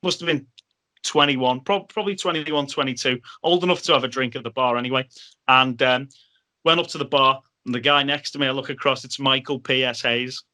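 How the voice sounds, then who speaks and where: Bright-voiced man telling stories. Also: mid-range voice, brisk. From Liverpool, England. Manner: animated storyteller, acts out other people's lines. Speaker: podcast guest. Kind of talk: casual anecdote telling.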